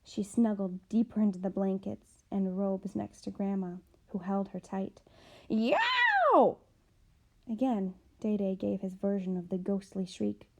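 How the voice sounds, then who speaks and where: Woman audiobook reader, steady expressive narration. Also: mid-range voice, moderate pace, vocal fry, hardly any pauses.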